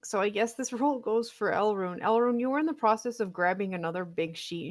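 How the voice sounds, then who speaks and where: A woman's voice: medium pitch, a little fast, hardly any pauses, no echo. A woman running a tabletop game as game master, chatty and laughing often, with plenty of ums.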